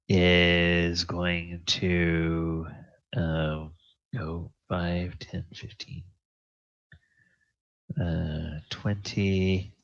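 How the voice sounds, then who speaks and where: A man narrating a tabletop game as dungeon master, unhurried and halting with fillers. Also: deep voice, fairly bright tone, no room sound, lo-fi sound.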